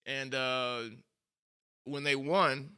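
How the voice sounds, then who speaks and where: A man co-hosting a podcast, chatting casually and telling an animated story that sometimes bursts into shouting. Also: medium pitch, extremely slow, clean tone. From United States. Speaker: podcast co-host. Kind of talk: casual chat.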